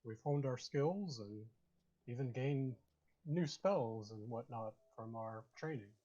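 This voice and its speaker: A man's voice: mid-range voice, slow, warm tone, lo-fi sound. A man voicing a young student who speaks formally and courteously. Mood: polite.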